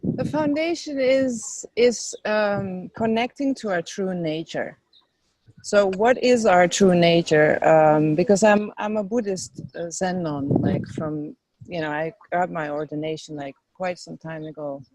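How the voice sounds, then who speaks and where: Speaking unhurriedly in a lowish, darkish voice, this woman is a spiritual teacher and tour leader appearing as an interview guest. The recording is rough, without echo, and made outdoors in the wind. She chats eagerly about her tours and workshops, filling her speech with fillers.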